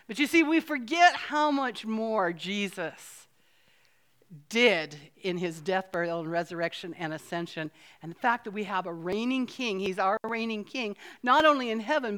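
A woman's voice: mid-range voice, a bit bright, smooth. Earnest woman pastor preaching. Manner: earnest, conversational, with playful asides and slowed emphasis. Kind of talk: sermon. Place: church sanctuary, filmed. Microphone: filmed on camera.

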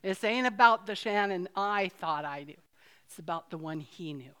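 A middle-aged woman pastor preaching a sermon in a church, earnest and conversational with playful asides and slowed-down emphasis. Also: lowish voice, animated, bright, forceful tone, clear, resonant tone. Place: church sanctuary, filmed. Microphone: filmed on camera.

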